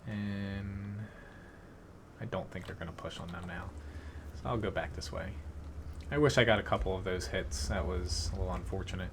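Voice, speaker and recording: A man with a fairly low voice talks through a live match as he plays, relaxed and thinking aloud with the odd filler and chuckle. A faint hiss sits under the recording. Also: normal speed, pauses often. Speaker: game streamer. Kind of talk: live gameplay commentary.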